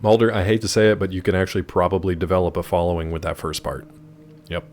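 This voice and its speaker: A man's voice: sits low, flat delivery, fast talker, darkish tone, slight background noise. A man streaming a video game live, chatting casually and answering his chat with wry asides.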